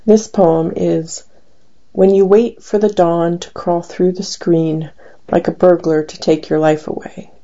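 Slow, gravelly woman reading poetry. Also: on the low side, steady tone, dark tone, lo-fi sound. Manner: slow, measured recitation. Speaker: poet.

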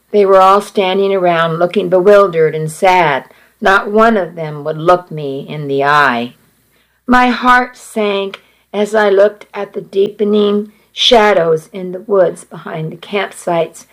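A woman reading a first-person story aloud at an unhurried pace, with small restarts. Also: mid-range voice, rough recording. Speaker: narrator reading a novel aloud. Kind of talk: first-person audiobook narration.

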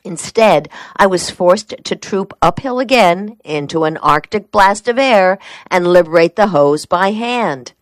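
A woman's voice: fairly low pitch, lively intonation, a little slow, no echo. A woman narrating a first-person memoir audiobook, telling it in a wry, dry storytelling manner.

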